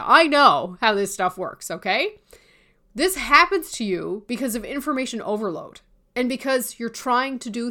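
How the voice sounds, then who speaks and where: A woman's voice: mid-range voice, bright, forceful tone. A woman coach giving a candid, informal talk on building an online course, with casual swearing and teasing asides. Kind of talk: promotional talk on course creation.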